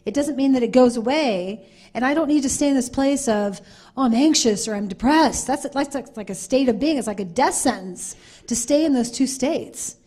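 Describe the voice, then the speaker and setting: A woman's voice: high voice, moderate pace, mellow. A woman speaking on a conference panel, earnest and repetitive, acting out little quoted exchanges as she explains.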